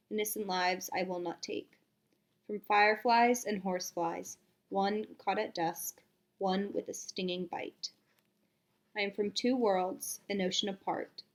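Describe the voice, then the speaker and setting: A young woman reads her own poem at a student reading. Her voice sits at a middle pitch, and she keeps a measured, rhythmic cadence. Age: young adult. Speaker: student poet.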